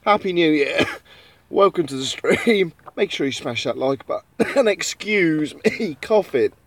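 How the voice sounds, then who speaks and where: A man's voice: fairly high pitch, sing-song, unhurried, no room sound. A man chatting casually to viewers on a live stream, laughing often, swearing freely and breaking into coughing fits.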